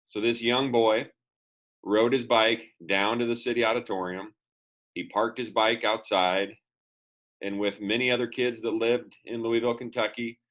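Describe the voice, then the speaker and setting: A man's voice: on the low side, a bit bright, poor audio. A man giving an upbeat motivational lesson to students, telling a story and acting out its dialogue. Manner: upbeat, acts out quoted dialogue. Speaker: school motivational speaker.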